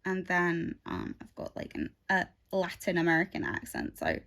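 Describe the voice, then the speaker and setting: A woman's voice: fairly low pitch, very animated, normal speed, creaky, fairly bright tone. A woman chatting casually while she stitches at home. She rambles through asides, recorded on a phone. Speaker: craft vlogger.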